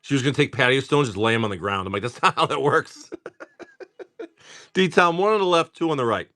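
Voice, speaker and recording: A man hosting a casual livestream who greets viewers by name, chats, and swears freely while opening card packs. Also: medium pitch. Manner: animated, quick bursts of talk. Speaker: card-breaking livestream host.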